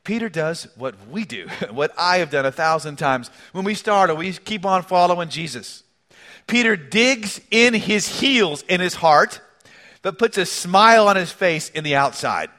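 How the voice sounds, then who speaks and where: A male pastor giving a sermon, telling the story in an animated way with conversational asides. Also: high-pitched.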